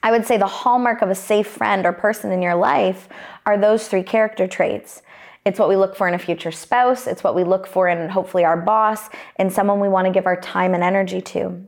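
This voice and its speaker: Young adult woman preacher, mid-pitched, earnest storytelling delivery. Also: fairly even intonation, a little fast, vocal fry. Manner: earnest, personal storytelling with frequent restarts. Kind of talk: sermon.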